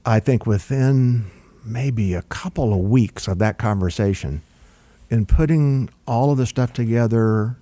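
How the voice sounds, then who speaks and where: Here an older man, a record producer, talks a little slowly in a mid-range voice with no room sound. In this interview he tells long, relaxed stories that wander, often restarting and using fillers.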